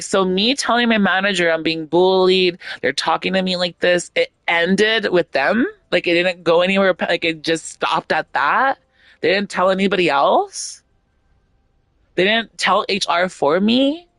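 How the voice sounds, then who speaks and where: A woman's voice: on the low side, moderate pace, a bit bright, no echo. A woman streamer chatting casually, blunt and outspoken, swearing freely and rambling with lots of fillers. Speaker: gaming streamer.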